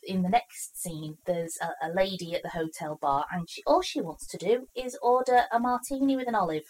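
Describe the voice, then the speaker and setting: A podcast co-host with a lowish voice talks fairly quickly, animatedly recapping a TV episode in casual chat and acting out the characters' lines. The audio is poor, with a little hiss or hum.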